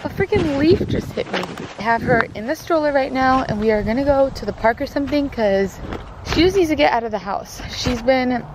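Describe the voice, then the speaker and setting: A woman's voice: high voice, animated, brisk, noisy background. A young woman, a mother, chatting casually straight to her viewers on a handheld phone camera as she goes through her day at home and on a walk, with lots of "like" and "literally". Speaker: vlogger mom. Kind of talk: casual day-in-the-life vlog. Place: home, then outdoors on a walk and at a park. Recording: music playing underneath.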